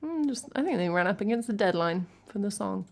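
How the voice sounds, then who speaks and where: A woman's voice: medium pitch, expressive, a little fast, gravelly. An English woman from England, a music streamer chatting casually between songs, reading chat and thanking viewers in a chatty, self-deprecating way.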